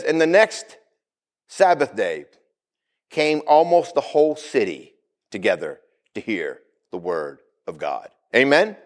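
Lively, animated male pastor preaching. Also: mid-range voice. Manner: animated preaching, asks the congregation for responses. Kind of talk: sermon.

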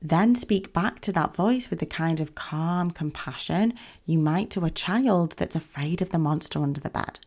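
A woman hosting a self-help podcast, talking in a gentle, soothing coaching manner. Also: on the low side, expressive, normal speed. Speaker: podcast host.

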